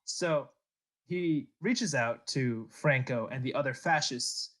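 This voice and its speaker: A man with a medium-pitched voice speaks slowly as he hosts a laid-back history podcast. He tells the story with jokes, laughs along, and slips into comic character voices.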